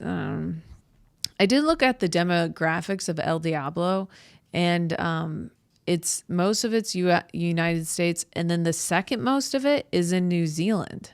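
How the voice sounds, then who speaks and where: A woman's voice: fairly low pitch, unhurried, creaky, no echo. A woman hosting her own podcast, talking through a crude, irreverent, self-mocking comedic monologue. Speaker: podcast host.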